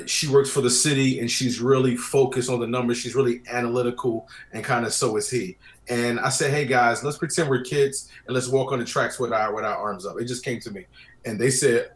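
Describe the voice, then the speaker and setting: A man talking casually as a guest about wedding photography, telling stories and acting out his clients' lines. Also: mid-range voice. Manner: chatty storyteller, acts out clients' lines. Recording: roomy echo.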